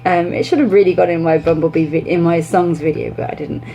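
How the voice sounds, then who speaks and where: A young woman, an English teacher, giving classroom tips in a chatty way, breaking into lively demonstrations. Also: lowish voice, fast talker, slight background noise, poor audio.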